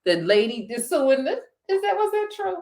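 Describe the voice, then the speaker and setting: A woman with a Philadelphia accent, co-hosting a casual talk show and ranting in an animated, preachy way with frequent laughter. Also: sits high, normal speed. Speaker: podcast co-host.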